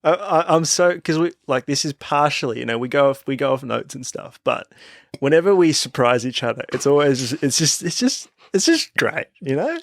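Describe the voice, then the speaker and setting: A man's voice: on the high side, animated, dry recording, studio quality. Rambling man asking questions. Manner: rambling, restarts, quick agreement. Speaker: podcast co-host. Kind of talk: casual banter.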